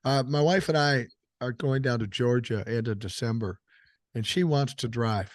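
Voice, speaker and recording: A man's voice: medium pitch, moderate pace, no room sound, studio quality. An older man hosting a podcast, talking in casual, blunt and profane chat while he has a cold. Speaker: podcast host.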